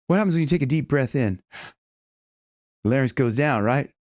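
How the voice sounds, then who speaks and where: A man's voice: medium pitch, expressive, a little mellow, no room sound, studio quality. A man working as a vocal coach, explaining singing technique in a loose way with many restarts and audible breaths. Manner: loose, demonstrating, breathy gasps between points; talks in halting restarts.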